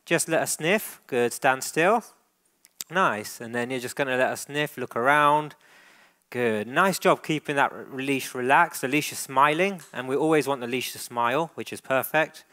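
A man's voice: medium pitch, moderate pace, pushed and bright. Encouraging man coaching a dog demonstration. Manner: encouraging, coaching with frequent praise. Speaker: dog trainer. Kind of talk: live training demonstration.

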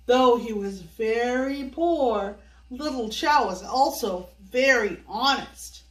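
A woman's voice: on the high side, takes it slowly. An older woman hosting a children's storybook read-aloud, playfully coaxing young listeners to join in. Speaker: storyteller host. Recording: echoey room, voice from far off.

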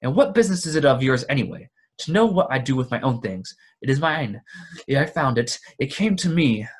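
A man voicing a fussy, possessive elderly male hobbit who rises to sharp, excited outbursts. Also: medium pitch, measured pace, creaky, husky. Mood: defensive.

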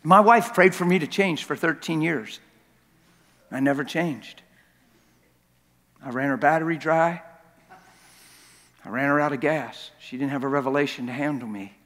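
A man's voice: mid-range voice, normal speed, long pauses, fairly bright tone. A man preaching a sermon in a large church, telling his story in an impassioned, confessional way. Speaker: guest preacher. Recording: long church reverb.

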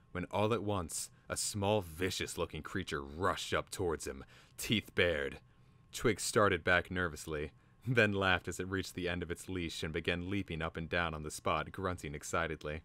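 A man's voice: low voice, a bit bright. A man giving a theatrical, dramatic reading of a fantasy story. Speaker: reader.

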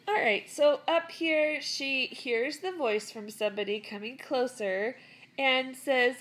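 A woman teaching Spanish who reads a class story aloud and retells it in English in a relaxed, chatty way with fillers. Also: a little high, a little slow. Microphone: tablet recording.

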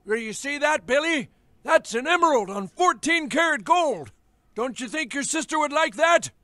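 A man voicing a forgetful elderly grandfather in a cartoon, who talks slowly and haltingly and trails off. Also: extremely high pitch, animated, sharp tone, dry recording, full character voice. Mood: fond. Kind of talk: cartoon voice acting.

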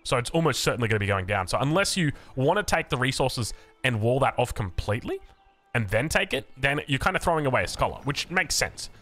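A man's voice: medium pitch, sing-song, fast talker, fairly bright tone. A man with an Australian accent doing chatty esports commentary on a strategy game, with self-mocking asides. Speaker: game caster.

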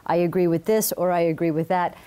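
A woman professor being interviewed in a TV studio, explaining her teaching methods in a measured, confident way. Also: lowish voice, fairly even intonation, dark tone, clean tone. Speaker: business professor, guest.

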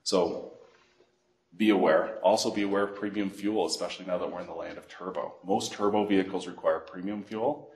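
Male financial educator, middle-aged, animated anecdotal presenter, low voice. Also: a little fast, vocal fry. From Canada. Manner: animated storyteller, acts out phone calls. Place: library meeting room. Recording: echoey room.

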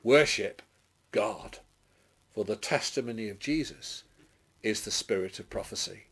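An English man, a clergyman, reading scripture dramatically and then preaching a short sermon, declaiming loudly and rising on exclamations. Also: on the low side, unhurried, creaky, pauses often, breathy edge. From England. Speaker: clergyman giving a short Bible reflection.

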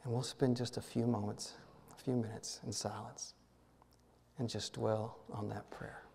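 A man serving as minister, leading a guided prayer meditation in a gentle, halting way, often repeating words and dropping to a soft hush. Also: lowish voice, level tone, creaky, big-room sound, a little hiss or hum. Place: church sanctuary.

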